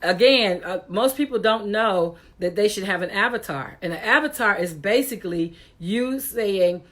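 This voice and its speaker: A woman's voice: medium pitch, moderate pace, a bit bright. A woman hosting a casual live-stream talk show, chatty, laughing often and exasperated at technical glitches, talking into a computer mic.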